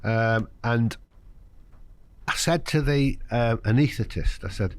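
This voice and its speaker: Speaking frankly in conversation, an older man from the United Kingdom shares a personal story as a podcast guest, performing the voices of its characters. His medium-pitched voice is smooth and slow.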